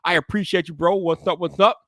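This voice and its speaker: A man hosting a tech live stream in casual chat, hyping it up playfully and shouting greetings to his chat. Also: high voice, a little fast, no room sound, clean studio sound.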